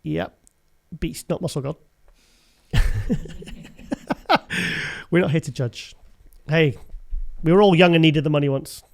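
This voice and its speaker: A man's voice: fairly high pitch, fairly even intonation, measured pace, pauses often. Chatty, laughing man hosting a show. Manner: chatty, rambling, laughs often. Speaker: host. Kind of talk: casual show commentary.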